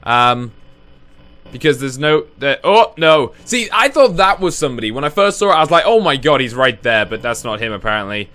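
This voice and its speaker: A man giving casual let's play commentary on a horror game, chatty and confused, reacting out loud. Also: mid-range voice, big pitch swings, fairly quick. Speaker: gaming video host.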